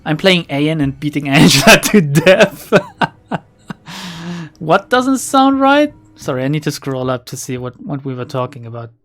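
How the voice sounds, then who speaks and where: A streamer chats casually while playing, drifting from tangent to tangent. The voice sits at a middle pitch but swings in a lively way. Laughs break in often. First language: German. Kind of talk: casual let's play chat.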